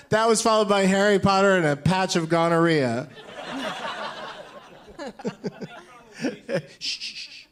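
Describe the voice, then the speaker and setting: A man's voice: high-pitched, steady tone, slow, long pauses, clear, resonant tone. A man hosting a live comedy podcast, running a movie game with playful banter and frequent laughs.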